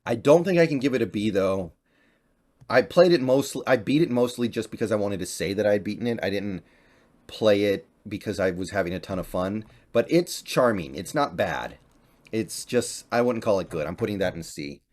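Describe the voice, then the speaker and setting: Young male gaming host, lower register, relaxed off-the-cuff chat. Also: normal speed. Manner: chatty, offhand, thinking aloud. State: slight cough and voice crack. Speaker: gaming YouTuber. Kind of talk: casual tier-list commentary.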